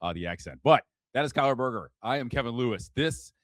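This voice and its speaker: A man co-hosting a podcast in casual sports chat, animated and quick to laugh. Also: medium pitch, no room sound, clean studio sound. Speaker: podcast co-host.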